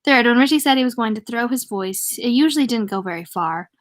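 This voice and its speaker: A woman's voice: fairly high pitch, expressive. A woman reading a novel aloud casually, stumbling on words and stopping to comment. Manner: stumbling, pauses to comment and laugh. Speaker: reader.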